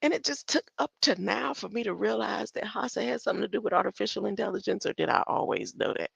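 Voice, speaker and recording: A woman's voice: mid-range voice, fast talker, vocal fry, fairly bright tone, husky, dry recording. An older woman thinking aloud as she reads from her screen, rambling with muttered asides and sudden exclamations. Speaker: solo streamer.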